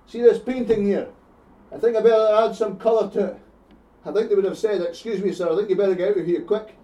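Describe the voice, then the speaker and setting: A man's voice: high-pitched, mellow. A man with a Scottish accent preaching an evangelistic sermon, fervent and given to repeating his phrases for emphasis. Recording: echoey hall, heard from a distance.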